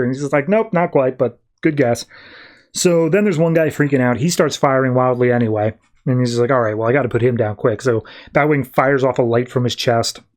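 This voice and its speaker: A man's voice: mid-range voice, a little mellow. Casual man recapping a comic. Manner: retells the plot in quick quoted back-and-forth, lots of "like". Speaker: podcast host.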